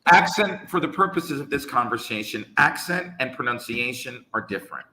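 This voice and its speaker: A man's voice: mid-range voice, expressive, moderate pace, sharp tone, roomy sound, low-quality recording. A man, an English teacher co-hosting a live talk, speaking emphatically with rhetorical questions. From United States. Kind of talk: live conversational discussion.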